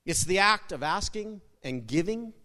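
A man preaching a sermon with jokes, an animated storyteller who repeats words and breaks into sudden loud bursts. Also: high voice, normal speed. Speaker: pastor. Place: church sanctuary. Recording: long hall reverb.

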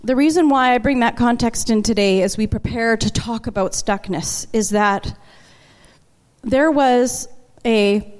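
A woman preaching a sermon to her congregation, chatty and emotional, slowing down to lean on key words. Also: fairly high pitch. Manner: conversational and emotional, slows for emphasis. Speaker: worship leader preaching. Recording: long church hall reverb.

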